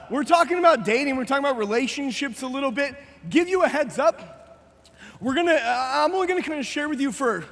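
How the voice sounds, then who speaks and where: A man's voice: very high-pitched, fairly bright tone. A man speaking to a live youth audience at a conference, telling a playful story with acted-out dialogue, then turning to the workshop plan. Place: large conference hall. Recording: reverberant hall.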